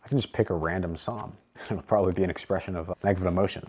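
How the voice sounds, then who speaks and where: A man's voice: sits low, steady tone, rapid-fire, darkish tone, husky. A man coaching in a casual, faith-based talk, earnest and emphatic, often repeating words for stress. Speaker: men's coach.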